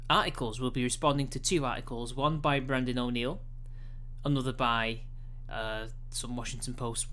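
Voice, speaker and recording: A man chats loosely through a livestream at a middle pitch, stopping and restarting his thoughts as he goes. A faint hum sits under his voice. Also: a bit bright. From Britain. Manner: rambling, halting, many restarts. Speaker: stream host. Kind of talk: casual livestream chat.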